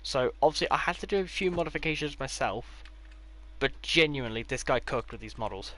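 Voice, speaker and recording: A man's voice: mid-range voice, animated, fairly quick, a bit bright. A man giving a casual, rambling tour of his game builds, with offhand delivery and dry sarcastic asides. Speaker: gaming creator.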